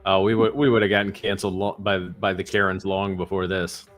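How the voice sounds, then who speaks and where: A man's voice: low voice, little pitch movement, a little fast. A man from the St. Louis area, co-hosting a stream and telling rambling stories in casual chat. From St. Louis area, USA. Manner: rambling, repeats words while telling stories. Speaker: co-host of live trading show.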